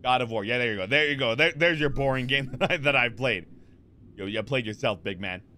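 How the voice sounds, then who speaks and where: A man streaming from a home setup, chatting casually with viewers. He rambles in a lively way, reads chat messages aloud and answers them, with plenty of fillers and restarts, close to a desk mic. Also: mid-range voice, brisk, slight background noise. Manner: rambling, animated, lots of fillers and repeats. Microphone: desk microphone.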